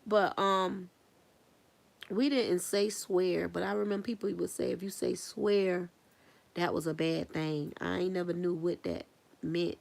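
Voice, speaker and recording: Speaking unhurriedly in a fairly low, creaky voice with fairly even intonation, a woman chats on a livestream as she paints earrings. She rambles, muses aloud, laughs at her own thoughts, and questions viewers directly.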